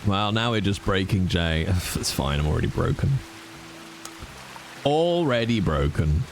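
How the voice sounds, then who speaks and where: Brief: male streamer, unhurried delivery but big swings in pitch, teasing and mock-exasperated, faint music behind. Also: expressive. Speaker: livestreamer. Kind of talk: casual chat with stream viewers.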